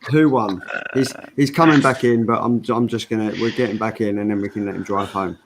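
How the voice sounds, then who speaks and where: A man's voice: on the low side, steady tone, fairly quick, a little hiss or hum. A man hosting a casual live stream, keeping the group on schedule and calling out names. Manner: keeps the group on schedule, repeats names to call in guests. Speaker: stream host.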